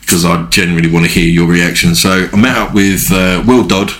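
A man's voice: deep voice, little pitch movement, a little fast, a bit bright. A man co-hosting a podcast, telling anecdotes in casual chat and swearing freely. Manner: swears a lot, tells anecdotes. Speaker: podcast co-host.

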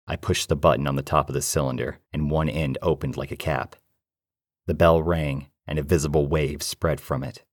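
A man narrating a first-person horror story in a low, steady, measured way. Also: no room sound, studio quality.

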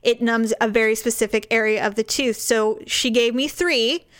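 A woman with a slightly high voice tells a story in a loose, chatty way. She acts out every character's lines with big jumps in pitch and laughs through much of it. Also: moderate pace. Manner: animated, acts out quoted voices, laughs often. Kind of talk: casual storytelling chat.

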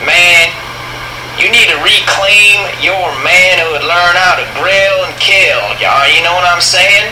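A man's voice: high-pitched, slow pace. A man voicing a crude, brash male football fanatic calling into a comedy show, swaggering and swearing. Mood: boastful. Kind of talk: comedy call-in sketch. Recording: echoey room with background noise.

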